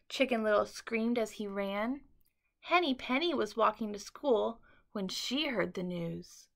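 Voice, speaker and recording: A woman teacher reading a bedtime story aloud to children in an expressive, dramatic way. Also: on the high side, slow pace, vocal fry.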